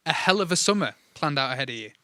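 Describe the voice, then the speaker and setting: A man's voice: on the high side, expressive, fast, bright, forceful tone, clean tone, no room sound, clean studio sound. A male host leading a casual live interview with playful, teasing banter.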